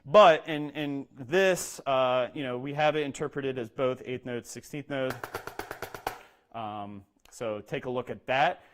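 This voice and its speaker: Speaking a little slowly in a medium-pitched voice, a male drum teacher walks through exercises one step at a time, often asking "okay?" There is background noise, and he demonstrates while reciting rudiment names rhythmically.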